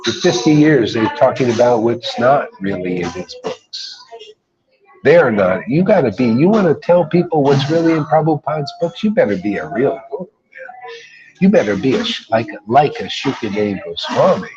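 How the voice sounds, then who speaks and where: A man preaching in a loose, street-talk way, pressing each point hard and tossing in "man" between lines. The sound is dull and lo-fi, with clear music running underneath. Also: medium pitch, sing-song, normal speed. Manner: emphatic, colloquial, keeps saying "man". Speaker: spiritual teacher. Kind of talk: informal devotional talk.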